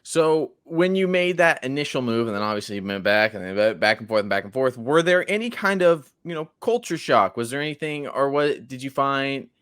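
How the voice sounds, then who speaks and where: Podcast host guy, smooth clear voice, dry sound, rambly questions. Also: mid-range voice, expressive, brisk, hardly any pauses, a bit bright, no echo. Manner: gives short acknowledgments, asks meandering questions. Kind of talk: interview questions and backchannels.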